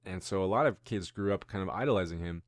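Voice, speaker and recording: A man's voice: deep voice, quick pace, dry recording, studio quality. A man in his thirties hosting a casual news-commentary show, rambling and musing with self-deprecating asides. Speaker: host.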